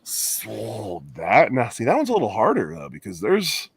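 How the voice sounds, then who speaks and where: A man's voice: lowish voice, wildly swooping pitch, creaky, husky, dry recording. A man hosting a casual podcast, telling stories in a chatty way and laughing easily. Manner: chatty storyteller, quick to laugh. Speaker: podcast host. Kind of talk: casual chat.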